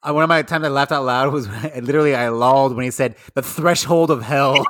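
A man's voice: mid-range voice, steady tone, racing, a bit bright. Eager stammering man in chat. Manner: emphatic, stammers when eager. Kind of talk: casual chat.

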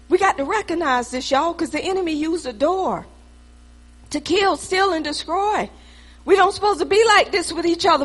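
A woman's voice: extremely high pitch, a bit bright. A middle-aged woman preaching a sermon from the pulpit, speaking emphatically and conversationally and calling out to the congregation.

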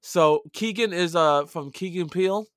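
A man's voice: sits high, normal speed, no echo, clean studio sound. A man with a Brooklyn accent co-hosting a casual gaming podcast, chatty and loose, with mild swearing and frequent restarts. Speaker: podcast co-host.

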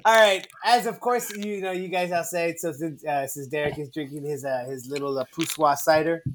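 A man's voice: a little high, fairly even intonation, normal speed, slight background noise. A man hosting a casual movie podcast, rambling and joking, often repeating his words. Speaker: podcast host.

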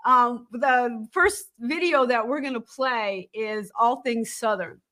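A woman's voice: a little high, takes it slowly, bright, forceful tone. A woman hosting a music podcast, speaking with enthusiasm and steering the conversation toward songwriting. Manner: enthusiastic, encouraging, steers the talk. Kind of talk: casual interview.

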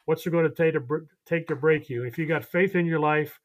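A man's voice: on the high side, a little fast. Older man telling heartfelt stories. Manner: earnest, heartfelt storytelling with frequent restarts. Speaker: guest, veteran baseball coach. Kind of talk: podcast storytelling.

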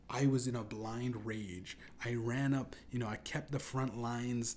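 A man hosting a comedy podcast, rambling through an absurd tall tale in a deadpan, profane way. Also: mid-range voice, a little slow, few pauses, a little hiss or hum. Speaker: podcast host. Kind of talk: improvised comedic storytelling.

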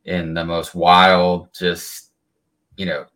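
A man co-hosting a podcast, talking animatedly and breaking into excited exclamations. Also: deep voice, takes it slowly. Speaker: podcast co-host. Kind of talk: casual chat.

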